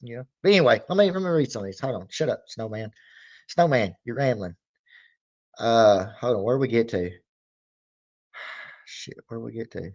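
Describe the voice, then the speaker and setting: A man's voice: medium pitch, lively intonation, normal speed, long pauses, dull audio. A man hosting his reaction channel, chatting casually and rambling, now and then acting out little skits. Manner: rambling, drawling, acts out skits with mock shouting.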